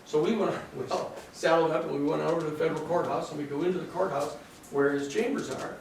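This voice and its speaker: A man, a lawyer, casually telling an animated story to a class and acting out the people he quotes. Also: a little high, fast, creaky, slight background noise. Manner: animated, acts out quoted voices, restarts sentences. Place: large echoey classroom or lecture room. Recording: echoey room, distant mic, faint ambience.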